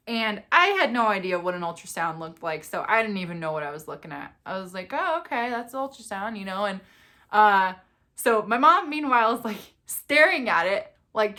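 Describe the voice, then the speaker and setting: A young woman in a casual storytime vlog, telling her story in an animated way and acting out the quotes. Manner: animated storyteller, acts out quotes with big pitch jumps. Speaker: vlogger.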